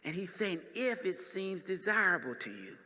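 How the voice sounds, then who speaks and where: Man, pastor, sermon, sharp piercing tone, long hall reverb, shifts from soft teaching to shouting. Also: sits high, sing-song, moderate pace. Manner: swings from quiet teaching to shouted preaching. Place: church sanctuary.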